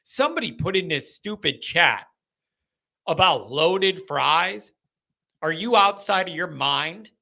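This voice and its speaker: A young man hosting a live call-in fan show, ranting and joking in an animated way. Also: on the high side, slow, vocal fry.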